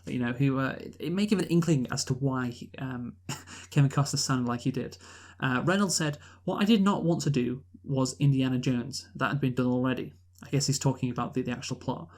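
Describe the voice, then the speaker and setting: A man in the middle of a casual podcast film review, talking at an ordinary pitch. He sounds animated and exasperated, often restarting his sentences. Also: a little fast, hardly any pauses. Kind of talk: casual conversational movie review.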